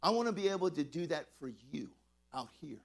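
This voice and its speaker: An excitable pastor in full sermon mode, his voice sitting a touch higher than most men's. He drives his points home emphatically, tripping over restarts as the excitement builds. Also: brisk, vocal fry. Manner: excitable, emphatic preaching with stammered restarts and laughs.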